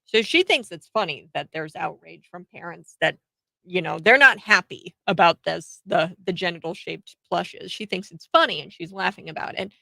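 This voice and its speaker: Chatty woman host with a low voice. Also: normal speed, gravelly, bright, forceful tone, no room sound, poor audio. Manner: chatty, many fillers, sarcastic laughs. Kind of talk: political commentary.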